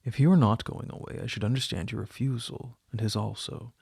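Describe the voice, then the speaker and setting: A man's voice: medium pitch, fairly even intonation, fairly quick, creaky, darkish tone, husky, dry recording, clean studio sound. A man voicing a sarcastic, fashionable society princess with an affected, mocking manner, in an audiobook reading.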